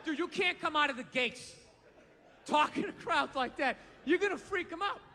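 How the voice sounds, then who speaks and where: Stand-up comic, high bright voice, profane incredulous rant, live club reverb. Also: male voice, animated, normal speed, a little hiss or hum. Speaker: stand-up comedian. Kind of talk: stand-up comedy routine. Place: comedy club stage.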